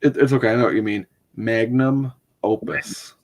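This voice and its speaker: A man co-hosting a casual livestream, earnest and halting, often restarting his sentences. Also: on the low side, darkish tone. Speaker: livestream co-host.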